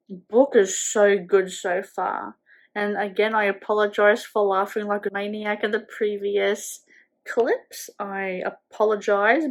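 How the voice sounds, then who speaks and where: A woman book vlogger chatting casually at home at night, rambling with lots of "like" fillers. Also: medium pitch. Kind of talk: casual reading vlog chat.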